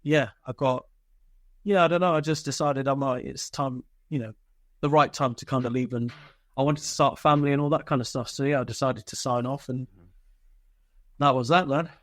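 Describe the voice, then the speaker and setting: This laid-back British guest, an ex-soldier, swaps war stories on a podcast, cursing openly and often stumbling over fillers and false starts. He speaks briskly in a steady, medium-pitched, fairly bright voice. The studio recording is clean and dry.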